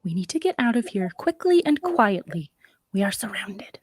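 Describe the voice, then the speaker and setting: A woman's voice: high voice, big pitch swings, moderate pace, bright, forceful tone, full character voice. A woman voicing a sly, wordy female fox antihero in a stage play, with fussy, formal phrasing. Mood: hushed urgent.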